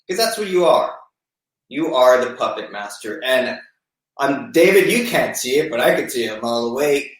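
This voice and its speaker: A man with a lively, high-leaning voice, mocking his rivals with slow, drawn-out sarcasm. He sits away from the mic in a very echoey room. His delivery plays the villain of a staged feud. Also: recorded from a distance. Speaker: panelist. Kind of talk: wrestling-style heel banter.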